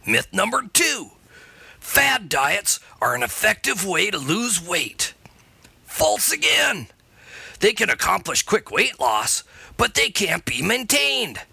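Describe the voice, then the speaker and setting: Brief: man puts on a high, gravelly, slow-talking dude scout, bright and husky. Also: wildly swooping pitch, no echo, full character voice. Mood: goofy. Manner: laid-back surfer slang, calls listener dude. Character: Buttons, a goofy surfer-dude boy scout. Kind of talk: comedy segment.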